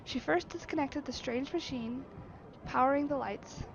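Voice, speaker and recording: Woman streamer, reading game text aloud, high voice, expressive asides, slightly dull recording. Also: moderate pace, gravelly. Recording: slightly dull lo-fi with faint noise.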